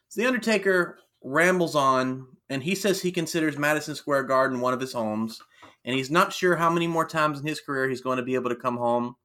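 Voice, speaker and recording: A man co-hosting a casual podcast, recapping wrestling with quick jokey asides. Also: fairly high pitch, sharp tone. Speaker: podcast co-host.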